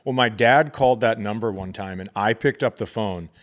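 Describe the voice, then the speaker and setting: A man's voice: lowish voice, normal speed. Brief: male podcast host, dry wit, swears casually while telling stories. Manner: wry, swears freely, acts out quotes. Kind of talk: casual comedic storytelling.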